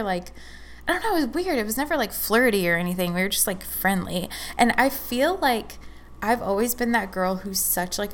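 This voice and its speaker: A young woman in her twenties tells a long personal story in a loose, chatty way. She fills her speech with "like" and slips into quoted back-and-forth. Her pitch sits in the middle for a woman. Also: slight background noise. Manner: chatty, fillers of "like", acts out quoted dialogue. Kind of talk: casual storytelling chat.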